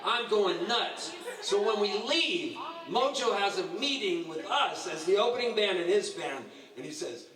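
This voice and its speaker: At a roast in a bar, a man in his sixties delivers a storytelling tribute to a live audience, laughing and acting out other people's quotes. His voice sits high and he speaks unhurriedly with few pauses. The echoey room, distant mic, and crowd noise are all audible.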